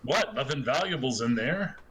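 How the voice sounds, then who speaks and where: A man's voice: mid-range voice, animated, normal speed, natural voice. A man playing a friendly, easygoing rustic man who talks in a folksy, hesitant way, over a noisy online voice chat.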